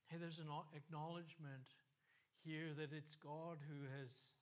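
A man's voice: on the high side, little pitch movement, unhurried. A man preaching a sermon, passionate and earnest, with the voice rising and falling. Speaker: pastor.

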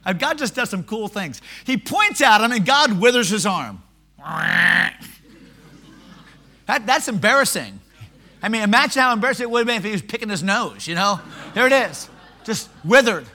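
A man preaching a sermon, telling stories in an animated, self-mocking way. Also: sits high, normal speed.

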